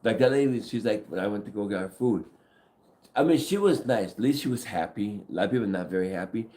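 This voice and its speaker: A man's voice: on the low side, animated, fast talker, warm tone. A man in casual podcast chat who reacts with short gasps and questions.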